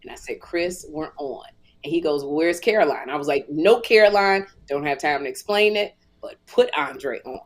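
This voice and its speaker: A woman's voice: low voice, animated, brisk, few pauses. A middle-aged woman hosting a podcast, chatting casually and acting out dialogue as she tells a funny story. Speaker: podcast host. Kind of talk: casual comedic chat.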